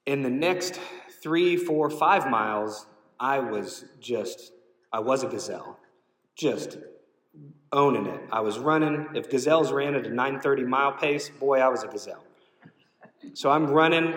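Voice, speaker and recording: A male pastor telling a personal story in a sermon, animated and emotional, sometimes shouting out quoted cheers. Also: medium pitch. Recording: roomy hall, voice from some distance.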